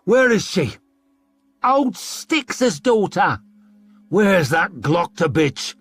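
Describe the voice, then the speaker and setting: A man voicing an angry working man in a riot, rough and threatening. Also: fairly high pitch, lively intonation, takes it slowly, no echo, soft background music, voice pushed up. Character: angry rioting working men, barking orders.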